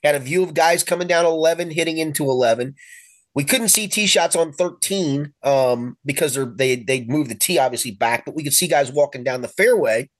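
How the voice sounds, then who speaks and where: A man's voice: on the high side, fairly quick, no room sound. A man hosting a sports podcast, telling stories in a casual, chatty way and acting out the lines of friends. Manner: animated anecdotes, acts out quoted friends. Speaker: podcast host, sports columnist. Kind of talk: casual sports chat, storytelling.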